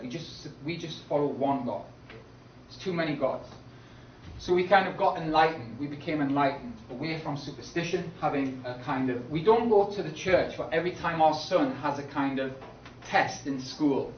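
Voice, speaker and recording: A male teacher lecturing a class in a slow, emphatic way, often checking in with "okay?". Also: fairly high pitch, a little hiss or hum. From Britain. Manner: repeats "okay?" to check understanding, slow emphatic key words. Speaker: English teacher. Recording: echoey classroom from far off, dull and lo-fi.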